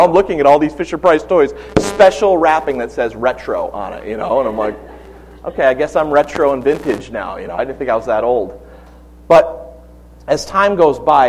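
A man in his forties preaching a sermon, telling funny personal stories with animated, humorous asides. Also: fairly high pitch, low-quality recording. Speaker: pastor.

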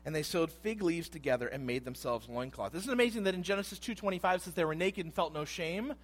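A man in his thirties preaching a sermon, animated and conversational, dropping to hushed asides and rising to loud emphasis. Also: on the high side, fast talker, soft background music. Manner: animated, acts out voices in quotes, swings between hushed asides and loud emphasis. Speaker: pastor.

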